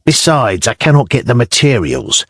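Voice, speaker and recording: A man's voice: medium pitch, big pitch swings, normal speed, no echo, clean studio sound. A male narrator voicing a small, testy shipwright who speaks with scorn in an audiobook. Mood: scornful. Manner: scornful, spitting.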